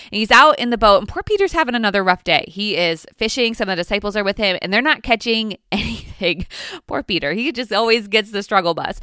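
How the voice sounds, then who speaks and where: A woman's voice: mid-range voice, pushed and bright, clear, resonant tone, dry recording, studio quality. A woman giving an earnest devotional Bible teaching, retelling stories with playful asides.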